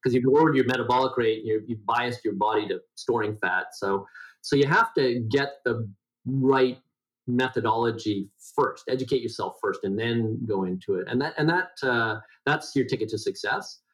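A middle-aged health educator, appearing as an interview guest, talks at a moderate pace in what he himself calls a high, nasal voice. His conversation rambles, full of fillers and restarts, and the audio quality is poor.

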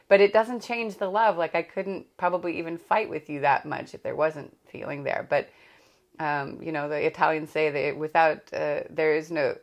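A woman's voice: deep voice, fairly even intonation, normal speed. A woman hosting a podcast, chatting casually in a rambling, candid way that often corrects itself mid-sentence. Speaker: podcast host. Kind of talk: casual chat.

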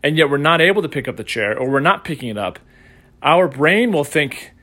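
A man's voice: a little high, animated, brisk, sharp tone. Man hosting a casual solo podcast. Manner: conversational storytelling, acts out quoted voices. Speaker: podcast host and coach.

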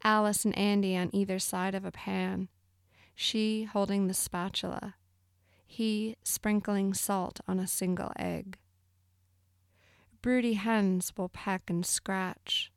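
Smooth-voiced woman narrating a story. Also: mid-range voice, flat delivery, takes it slowly, no echo, studio quality. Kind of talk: scripted literary narration.

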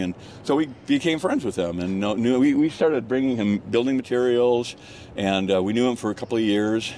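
A little hiss or hum accompanies a mid-range voice that runs a little fast. The older man, a guest storyteller, rambles on a hillside walk, laughing often and filling his story with fillers and restarts.

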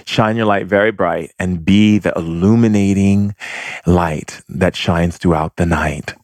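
A man's voice: deep voice, steady tone, unhurried, darkish tone, dry recording. A man giving a rambling, effusive spiritual monologue to his followers. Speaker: spiritual teacher.

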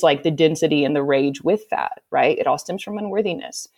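Woman, very low pitch, podcast guest, emphatic, heartfelt, spiritual self-help talk. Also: fairly quick, hardly any pauses. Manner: emphatic and heartfelt, with frequent "like" fillers.

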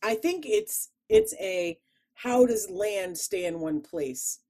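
Mellow-voiced Chicago woman, playful. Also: mid-range voice, very animated. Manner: playful, rambling, quick to laugh. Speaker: podcast co-host. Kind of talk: casual chat.

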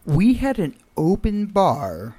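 A man's voice: high voice, huge pitch swings, takes it slowly, mellow. A man chatting casually, chiming in with jokey side remarks. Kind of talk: casual chat.

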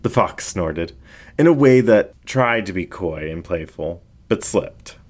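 Brief: deep-voiced man, slow measured audiobook narration. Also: animated, a little mellow. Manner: measured, unhurried. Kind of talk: audiobook story reading.

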